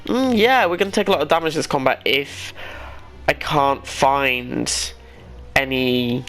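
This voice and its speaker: A gaming YouTuber gives casual let's-play commentary, thinking aloud as he plays, rambling and poking fun at himself now and then. His mid-range voice is a little slow and a bit bright, with faint music in the background.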